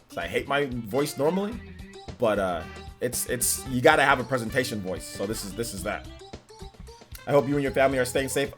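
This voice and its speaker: Deep-voiced laid-back male streamer. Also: fairly bright tone. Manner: laid-back, slangy, rambling. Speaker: gaming livestream host. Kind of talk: casual livestream chat.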